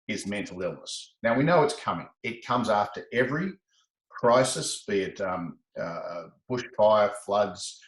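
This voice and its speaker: A man, a laughter specialist being interviewed, telling stories in an animated way and acting out the voices in quoted exchanges. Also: a little slow, echoey room, low-quality recording. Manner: expressive, acts out quoted exchanges with rising pitch. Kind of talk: animated conversational storytelling.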